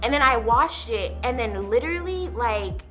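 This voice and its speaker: A woman's voice: a little high, lively intonation, normal speed, pushed and bright, soft background music. A young woman, a university student, telling her personal testimony in a candid, casual way, full of "like" and "literally". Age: young adult.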